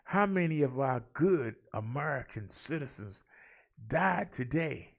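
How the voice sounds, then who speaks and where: Brief: male vlog host, gravelly mid-range voice, theatrical and chatty, addresses the viewers as y'all. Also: medium pitch, lively intonation, unhurried. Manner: theatrical, rolls his R's, talks to viewers as y'all. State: out of breath. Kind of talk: casual chat and daily numbers rundown.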